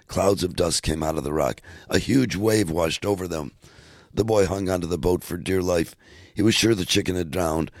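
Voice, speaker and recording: A man reading a storybook aloud in a measured, steady way. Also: low-pitched, no room sound, studio quality. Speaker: narrator.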